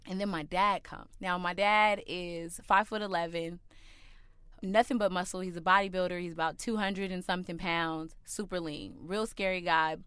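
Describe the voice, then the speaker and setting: A woman with a smooth, resonant voice sitting a little low in pitch tells a personal story. She is animated and acts out the voices of the people she quotes. The recording is dry and close. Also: normal speed, dry recording.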